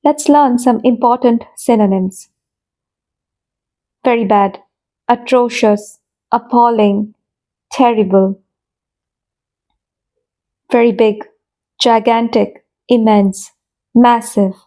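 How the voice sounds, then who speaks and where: A woman reading an English vocabulary lesson as short phrase pairs, with a pause after each phrase. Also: on the high side, mellow. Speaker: English teacher. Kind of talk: slow scripted vocabulary lesson.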